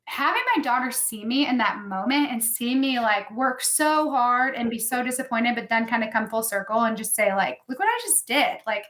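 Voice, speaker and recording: A woman's voice: fairly high pitch, normal speed, few pauses, a bit bright. A woman in her thirties, a podcast guest telling candid personal stories in casual chat, often saying "like". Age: 30s. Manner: candid storytelling, heavy use of "like". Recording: echoey room.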